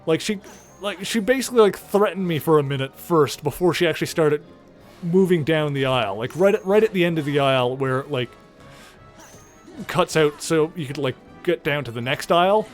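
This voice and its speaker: Rambling male streamer, slightly high. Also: fairly quick, faint music behind. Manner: rambling, filler-heavy, casual swearing. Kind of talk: casual gameplay commentary.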